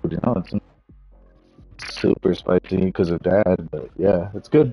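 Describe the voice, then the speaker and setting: A man's voice: low voice, moderate pace, vocal fry, slightly rough, soft background music. A young man hosting a casual gaming session, joking and talking in slangy banter with a friend. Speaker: gamer host. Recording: dull lo-fi game capture.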